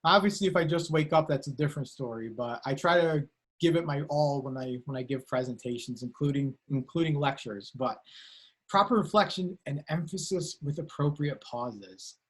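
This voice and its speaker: A man's voice: mid-range voice, brisk. A man giving an online university lecture over a video call, talking casually with many fillers and self-corrections.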